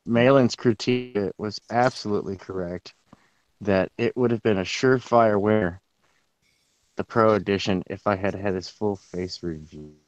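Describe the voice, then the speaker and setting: A man's voice: lowish voice, moderate pace, dry recording, dull audio. A man co-hosting a live art auction, offering easygoing, chatty asides about the artwork. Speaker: co-host. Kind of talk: casual auction commentary.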